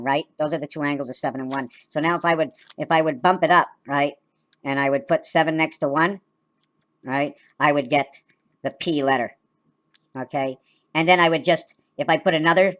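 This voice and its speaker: Low-voiced woman rambling fast. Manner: loose, wandering talk, often tagging "right?". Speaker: video maker explaining her drawings. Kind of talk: rambling casual explanation.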